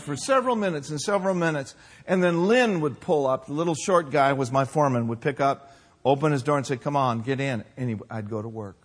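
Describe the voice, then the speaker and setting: A man in his sixties preaching a sermon, telling folksy personal stories with humor and lively emphasis. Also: medium pitch, fairly quick, breathy edge. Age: 60s. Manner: folksy storytelling, animated with laughs. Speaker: pastor.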